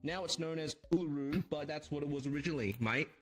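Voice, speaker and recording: A man's voice: fairly high pitch, fast talker, a bit bright, faint music behind. A man playing a brash, foul-mouthed tour guide with a put-on Australian accent, blustering and threatening. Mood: boastful.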